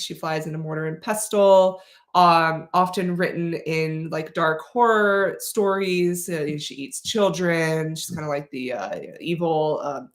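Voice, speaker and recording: A woman's voice: low voice, roomy sound. A woman hosting a casual livestream Q&A, rambling and playful with lots of fillers and restarts. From Slavic heritage. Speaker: livestream host answering questions.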